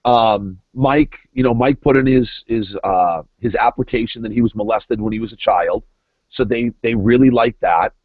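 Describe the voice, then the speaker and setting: A man's voice: medium pitch, moderate pace, dry recording. A middle-aged man, a former reality show contestant, chatting as a podcast guest over the phone in an emphatic way, often repeating words. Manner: emphatic, repeats words while building points. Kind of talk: casual podcast chat. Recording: tinny dry phone line.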